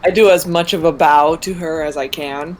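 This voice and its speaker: A woman playing a tabletop game with friends, wry and animated, sometimes talking as her character. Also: low voice, normal speed, noisy background. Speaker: player. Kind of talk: casual chat in a tabletop game.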